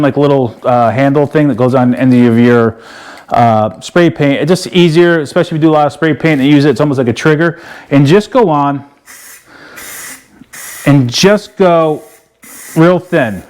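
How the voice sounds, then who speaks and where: A man's voice: fairly high pitch, darkish tone. Folksy rambling man explaining a DIY project. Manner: folksy, rambling, lots of "you know" and "uh". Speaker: DIY video host. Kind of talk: casual how-to walkthrough.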